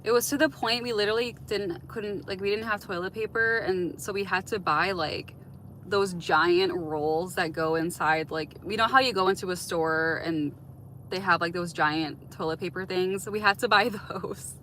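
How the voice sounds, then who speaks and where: Chatty woman with a bright voice. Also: on the low side, normal speed, a little hiss or hum, low-quality recording. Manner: chatty, heavy use of "like" and "um"; open, reflective advice-giving. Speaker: livestream host. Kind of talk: casual live-stream chat answering viewer comments.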